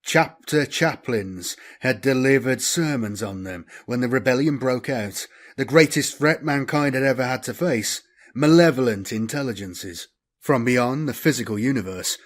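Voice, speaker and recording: A man narrating a science fiction novel as an audiobook in a steady, dramatic reading that often drops quieter at the ends of phrases. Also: medium pitch, moderate pace.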